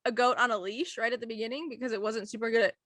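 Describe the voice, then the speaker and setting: A woman's voice: on the high side, very fast, dry recording. A young woman co-hosting a casual chat, telling a story animatedly and acting out the people she quotes. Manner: animated, acts out quoted voices, giggly. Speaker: podcast co-host.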